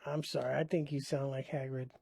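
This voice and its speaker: A man's voice: mid-range voice, flat delivery, a little fast, vocal fry, warm tone, no room sound, clean studio sound. A man co-hosting a casual stream, teasing and blunt with crude jokes. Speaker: podcast co-host. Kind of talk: casual banter.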